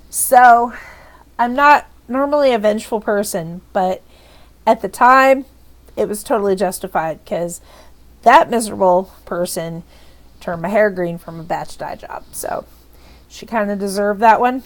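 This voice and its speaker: A woman's voice: mid-range voice, a little slow. A woman vlogger telling a rambling personal story in a casual storytime style, often restarting and laughing.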